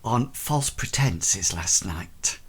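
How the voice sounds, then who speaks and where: A man's voice: fairly low pitch, expressive, takes it slowly, slightly rough, heavily acted. A man voicing a genteel, fussy lady merchant who hesitates and ums politely. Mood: flustered politeness.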